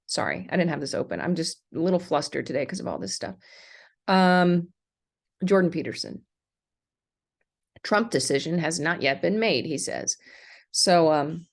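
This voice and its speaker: A middle-aged American vlogger with a low, gravelly voice delivers a rambling, indignant rant in a livestream monologue, full of ums and restarts.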